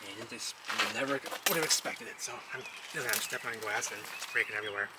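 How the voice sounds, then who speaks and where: A man vlogging outdoors among rubble, rambling excitedly and talking straight to his viewers as he points things out. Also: fairly low pitch, fast. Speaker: vlogger exploring ruins. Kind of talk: casual walk-and-talk commentary. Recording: loud outdoor traffic noise.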